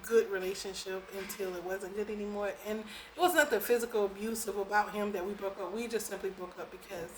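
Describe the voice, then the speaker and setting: A young adult woman vlogger telling a casual storytime in a chatty, animated way, laughing often between sentences. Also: medium pitch, brisk, hardly any pauses, background noise.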